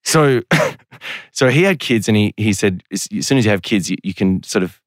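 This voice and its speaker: A man's voice: on the low side, animated, normal speed, no echo, studio quality. A man talking as a podcast guest, telling long stories in a rambling, self-deprecating way. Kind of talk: casual podcast interview.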